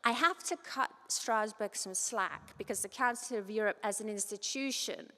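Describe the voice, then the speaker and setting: Woman from Cyprus, mid pitch, casual academic lecture, reverberant venue. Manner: lively, informal, quick asides and quoted voices. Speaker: conference speaker. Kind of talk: academic conference talk. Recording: long reverb of a large hall.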